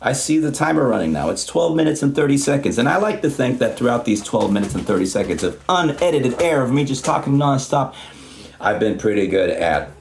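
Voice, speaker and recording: A man's voice: mid-range voice, big pitch swings, a little fast, slight background noise. A man speaking English as a non-native language, delivering a long, unedited, profane and tangential rant straight to camera. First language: not English. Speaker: YouTuber. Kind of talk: unscripted ranting monologue.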